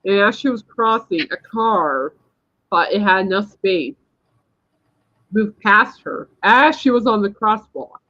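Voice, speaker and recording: A woman's voice: medium pitch, measured pace, bright, forceful tone. A woman hosting a podcast, telling a personal story in a rambling, emphatic casual chat. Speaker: podcast host. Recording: dull lo-fi sound.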